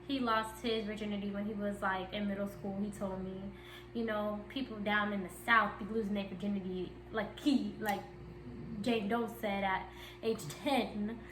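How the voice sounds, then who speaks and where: A woman's voice: medium pitch, level tone, moderate pace, background noise. A young woman vlogger telling a candid personal story in a chatty, giggly way. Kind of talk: casual storytime chat. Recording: echoey room.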